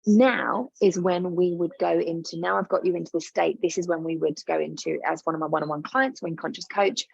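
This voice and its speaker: Gravelly-voiced woman coaching a guided exercise. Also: lowish voice, fairly even intonation, a little fast, darkish tone, dry recording, highs cut off. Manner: soothing, encouraging, repeats instructions. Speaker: business coach.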